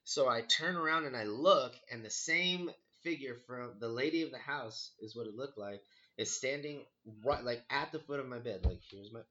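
Bright-voiced young man telling a ghost story. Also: medium pitch, normal speed, lo-fi sound. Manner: animated, swearing, acts out his own reactions.

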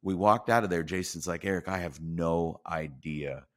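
A man's voice: sits low, normal speed, a bit bright. A man in his forties, a podcast guest, telling a career story and acting out the dialogue with animation.

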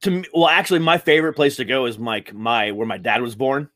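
A woman comedian from New England, chatting casually, animated and cursing freely. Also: a bass voice, fast talker. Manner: animated, swears, laughs often. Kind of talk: casual chat.

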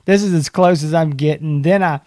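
A man's voice: a little high, fairly quick, mellow, no echo. A man hosting a review show, talking in loose, rambling, self-mocking banter into a close desk microphone. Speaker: show host. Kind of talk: casual podcast banter.

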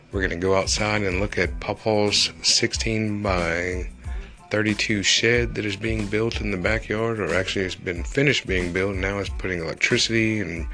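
A young man, rambling and joking through a casual solo podcast. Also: sits low. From Texas. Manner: rambling, joking, animated asides. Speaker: podcast host.

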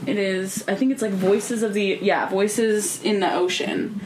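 A young woman co-hosting a casual podcast chat, excitable and quick to laugh, with a bit of swearing. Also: medium pitch, a little hiss or hum. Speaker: podcast co-host. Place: room at home, recording remotely.

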